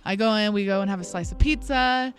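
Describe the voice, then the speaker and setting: A young woman in her twenties telling a long story in casual chat, animated, full of "like", acting out what people said. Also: mid-range voice, a little fast, faint music behind. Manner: animated, lots of "like", acts out quotes. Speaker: guest. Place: a bar or restaurant.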